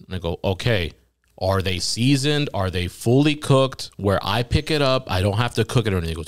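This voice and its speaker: A young man with a fairly low voice tells a long workplace story in a relaxed podcast chat. He acts out the lines of the other people in it and laughs now and then. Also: fairly quick. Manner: animated storyteller quoting voices, laughing at his own story. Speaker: podcast guest. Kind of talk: casual storytelling.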